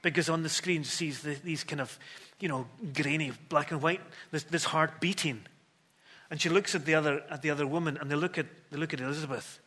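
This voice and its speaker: A man preaching a sermon, telling a story with acted-out dialogue and moving between hushed and emphatic delivery. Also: a little high, fairly even intonation, a little fast, slightly rough.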